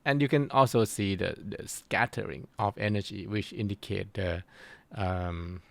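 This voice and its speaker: A man giving a recorded university lecture, explaining slowly and pausing often to search for his words. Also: fairly low pitch, vocal fry, fairly bright tone. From Thailand. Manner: slow, halting explanation with frequent pauses to search for words.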